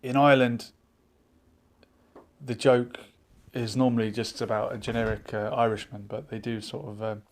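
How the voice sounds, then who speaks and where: A man hosting a live online chat show, musing out loud and reading viewers' comments aloud in a casual, thinking-aloud way. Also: mid-range voice, steady tone, moderate pace. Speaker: livestream chat host.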